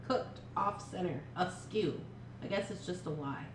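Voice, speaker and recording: A woman's voice: fairly low pitch, slow pace, far from the mic. A woman hosting a casual morning livestream, chatting to viewers and muttering to herself while she works. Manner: talks to herself while working, muttering and laughing. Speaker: livestream host. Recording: roomy echo, faint background hum.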